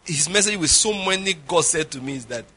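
A man's voice: a little high, animated, brisk, sharp tone, husky. A middle-aged man preaching a sermon, telling stories with jokes and Pidgin asides. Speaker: pastor.

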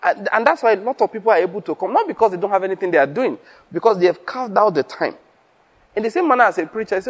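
A man's voice: sits high, expressive, fast. A man preaching, chuckling and asking rhetorical questions. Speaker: pastor. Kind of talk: teaching sermon.

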